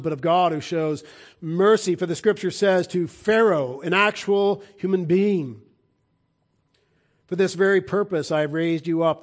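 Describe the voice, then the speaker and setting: A man preaching a sermon, swinging between loud emphatic declarations and quiet low asides.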